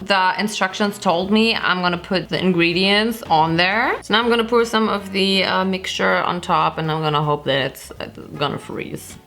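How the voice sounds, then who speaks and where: A woman's voice: medium pitch, fairly even intonation, normal speed, hardly any pauses, a bit bright. A young woman with a German accent chatting through a casual cooking vlog, giggling and making jokey asides. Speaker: vlogger.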